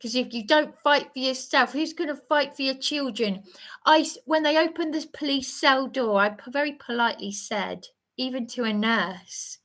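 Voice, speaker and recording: A woman's voice: high-pitched, moderate pace, fairly bright tone. An agitated woman speaking in a rambling livestream monologue, often stammering and restarting her sentences.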